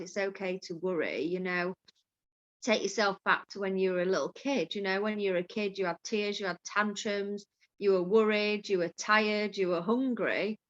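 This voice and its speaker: A woman's voice: medium pitch, a bit bright. A woman, a mindfulness coach, talking frankly and casually, swearing now and then and laughing easily. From Yorkshire, England. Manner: open, frank, swears freely, laughs often. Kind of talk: candid conversational chat. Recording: dull lo-fi call audio.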